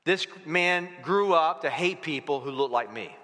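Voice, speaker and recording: A middle-aged man preaching a sermon in a church, storytelling with lively swings in pitch and acting out the voices in his anecdotes. His voice is bright and a little high for a man, and a long reverb rings around it in the sanctuary. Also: a little slow. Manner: storytelling, animated, acts out dialogue. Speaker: pastor.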